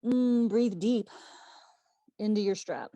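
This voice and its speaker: Calm woman cueing a yoga class. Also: mid-range voice, slow pace, dry recording, muffled recording. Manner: calm cueing with self-correcting laughs. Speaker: yoga teacher. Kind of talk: live online yoga class instruction. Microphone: video call.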